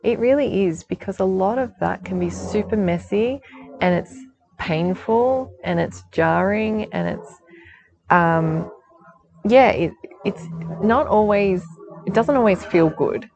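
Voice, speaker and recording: A woman's voice: medium pitch, slow, creaky, a little mellow, poor audio. A woman giving a chatty spiritual guidance talk outdoors, reassuring and laughing often. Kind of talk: casual spiritual forecast talk.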